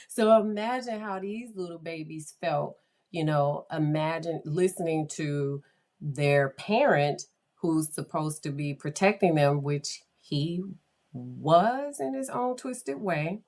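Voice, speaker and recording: A woman's voice: low voice, slow pace, darkish tone. A woman hosting a podcast, casually telling an eerie true story with hesitant restarts and dropping to a whisper at times. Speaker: podcast host.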